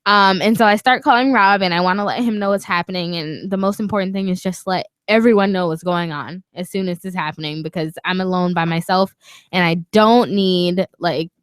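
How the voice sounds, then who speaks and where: A woman co-hosting a podcast, telling a story in casual chat, animated and swearing, acting out what others said. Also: lowish voice, a little fast, clean tone, no echo. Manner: animated, swearing, acts out quotes. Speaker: podcast co-host. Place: small podcast studio.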